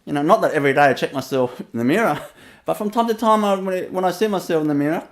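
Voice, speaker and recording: A man's voice: fairly high pitch, fast talker. Vietnamese-accented man, laughing as he talks. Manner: laughs often, loose and rambling with many fillers. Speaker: spiritual teacher. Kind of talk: storytelling webinar talk.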